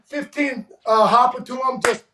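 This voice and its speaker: A man guest telling an animated, profane baseball story, stammering and restarting as he gets excited. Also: very high voice, normal speed, roomy sound, far from the mic, background noise. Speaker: guest, former ballplayer.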